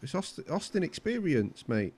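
Young gamer, somewhat high voice; cheeky, persistent, mock-offended. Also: male voice, very animated, normal speed, a little mellow. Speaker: gaming YouTuber. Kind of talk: trolling strangers over game voice chat.

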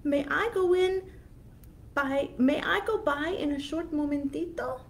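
A woman voicing a tiny, timid billy goat who pleads in a shaky, very high voice for a storybook reading. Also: unhurried, vocal fry, a little hiss or hum. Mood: pleading.

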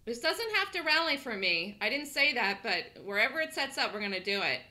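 Woman trading-room host, very bright tone, lively pitch, casual chatter with laughs. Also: a little fast. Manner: chatty, laughs often, thinks aloud. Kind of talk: live trading commentary.

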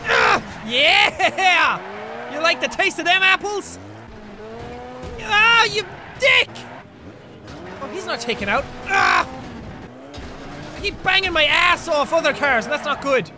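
A young man giving loud, excitable gameplay commentary with frequent shouting outbursts. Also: very high-pitched, quick pace, few pauses, background noise. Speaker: gaming video host. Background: game music.

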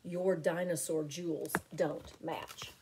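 A woman voicing a pompous male dinosaur duke in a read-aloud storybook, speaking slowly and stately. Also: sits low, fairly even intonation, vocal fry, background noise, full character voice. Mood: lordly. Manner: slow, stately.

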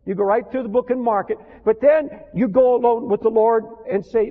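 An older man preaching with rising fervor, his voice sitting high and pressing hard on key lines. The sound is thin and phone-like, and a long hall echo trails after each phrase. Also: steady tone, fairly quick, hardly any pauses. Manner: impassioned, rising to emphatic declarations, reads scripture in old-fashioned wording. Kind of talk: sermon. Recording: tinny phone-like archival recording with long hall reverb.

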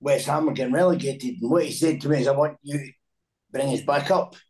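A man's voice: medium pitch, fairly quick, darkish tone, low-quality recording. A Scottish man in his sixties, a former footballer telling anecdotes in a casual chat, laughing often and repeating words. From Scotland.

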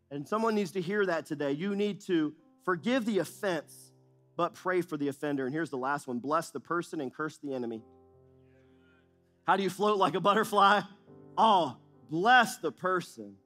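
High-voiced emphatic male preacher. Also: fairly bright tone. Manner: emphatic preacher, repeats phrases and asks the audience questions. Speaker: pastor. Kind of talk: sermon. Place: church auditorium.

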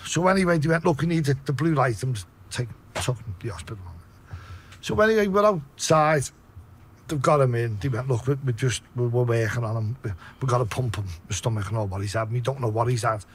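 A man with a Liverpool accent telling a story in a casual way, swearing a lot and acting out his own shouts. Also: medium pitch, a little fast, slight background noise. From Liverpool, England.

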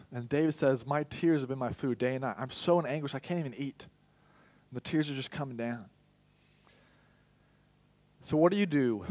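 A young man preaching a sermon in a church, acting out inner dialogue with sudden loud, high bursts. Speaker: pastor.

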